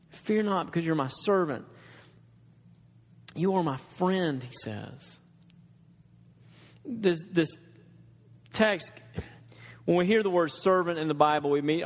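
A man's voice: a little high, in a large hall. A man preaching a sermon in an earnest, conversational way, with restarts and asides to the congregation.

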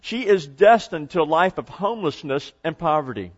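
A preacher retells a story and explains it to his congregation, with a slightly higher-than-usual male voice. The recording sounds dull and lo-fi. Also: lively intonation, normal speed. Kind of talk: sermon.

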